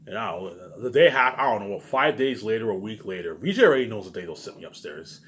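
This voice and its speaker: A man's voice: on the low side, sing-song, quick pace, fairly bright tone, a little hiss or hum. A man rambling through a casual monologue for his viewers, repeating himself often and swearing freely. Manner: rambling and repetitive, with frequent swearing. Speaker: vlogger.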